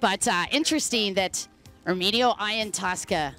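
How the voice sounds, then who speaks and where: A woman's voice: mid-range voice, fairly bright tone, faint music behind. A woman from Dallas doing chatty, upbeat live race commentary. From Dallas, Texas. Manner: chatty, upbeat, quick-talking.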